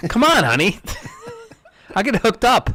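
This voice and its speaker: A man's voice: extremely high pitch, huge pitch swings, slow pace, bright, forceful tone, husky. A man co-hosting a comedy show, playing a dopey prank caller who giggles often.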